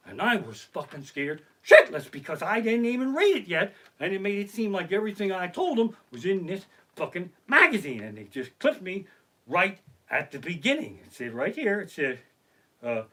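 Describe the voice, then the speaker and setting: Middle-aged guy swearing thru comedy stories from his living room, bright voice, kinda high. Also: moderate pace, breathy edge. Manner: profane, animated, acts out other people's lines. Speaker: stand-up comedian. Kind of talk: live-streamed stand-up storytelling. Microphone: basic home streaming mic.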